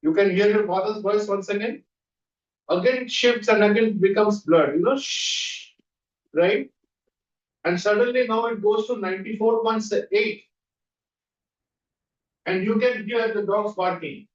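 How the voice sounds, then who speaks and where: High-voiced man coaching in an echoey room. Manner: coaching with rapid repeated questions. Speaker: NLP trainer. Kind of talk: guided visualization exercise. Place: training room. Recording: dull echoey room audio from far off.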